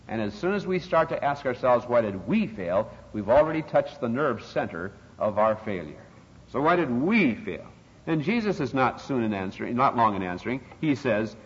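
Older male preacher with lively emphatic delivery. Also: mid-range voice, normal speed. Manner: emphatic, dramatic rises on scripture quotes. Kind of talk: expository sermon. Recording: dull, lo-fi, long reverb in a hall.

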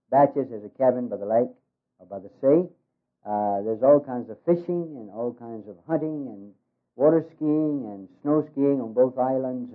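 A man giving a humorous talk as a ministry worker, in a folksy way with many hesitations. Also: medium pitch. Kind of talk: humorous speech with jokes. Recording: tinny phone-like radio recording.

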